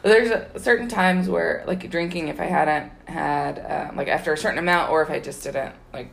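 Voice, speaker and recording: A woman's voice: sits low, moderate pace, creaky. A young woman chatting casually, rambling with many fillers and frequent laughter. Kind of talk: casual chat.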